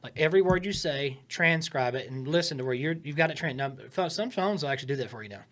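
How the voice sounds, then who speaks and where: A man in casual podcast talk, coaching comedy writing in an emphatic, animated way, shifting his tone for effect. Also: on the high side, fast. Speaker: comedian giving writing advice.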